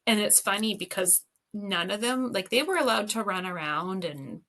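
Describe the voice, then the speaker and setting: A woman with a gravelly, creaky edge to a mid-pitched voice shares stories as a podcast guest. She talks casually, full of "like" and "um", and breaks into laughter often. Her delivery is warm and animated, like an easygoing interview. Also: normal speed. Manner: animated anecdotes with frequent laughter and fillers. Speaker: educator and guest.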